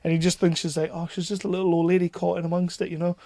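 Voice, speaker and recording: A man, co-hosting a casual film podcast, excitable and swearing freely. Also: sits high, very fast, creaky, dry recording. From North East England. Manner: excitable, swears freely, laughs while talking. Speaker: podcast co-host.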